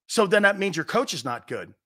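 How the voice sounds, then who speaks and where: A middle-aged man hosting casual sports talk, lecturing with lots of rhetorical questions and an animated delivery. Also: high voice, a little fast.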